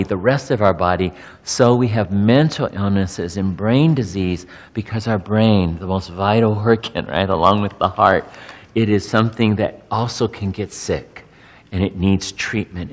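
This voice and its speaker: Middle-aged pastor guy, kinda low voice, candid testimony, stumbles and repeats words a lot, big echoey hall. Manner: candid, halting, repeats words while searching. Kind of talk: personal testimony talk to an audience.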